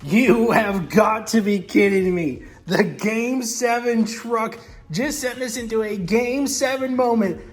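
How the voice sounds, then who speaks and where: A man hosting and commentating toy monster truck races from his home garage, in a hyped, dramatic announcer style. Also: very high-pitched. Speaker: host and race commentator. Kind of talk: excited race commentary.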